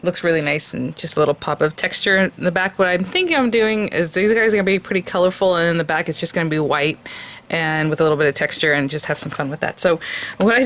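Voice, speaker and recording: A woman's voice: on the low side, fairly bright tone, slight background noise. A woman hosting a craft video, chatting casually with many fillers as she shows supplies. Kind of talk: casual product review and tutorial.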